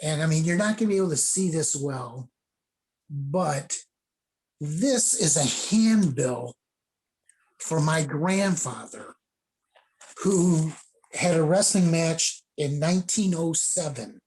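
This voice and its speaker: A man's voice: on the high side, slow pace, long pauses, a little mellow. Rambling middle-aged man. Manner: rambling anecdotes with laughs and acted quotes. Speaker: guest judo sensei. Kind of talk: casual storytelling on a video call.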